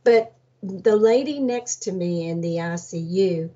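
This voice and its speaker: Husky older woman telling a story. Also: fairly low pitch, unhurried. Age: 70s. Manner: animated storyteller, acts out voices, laughs often. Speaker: energy healer guest. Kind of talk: storytelling about a near-death experience. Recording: dull lo-fi audio.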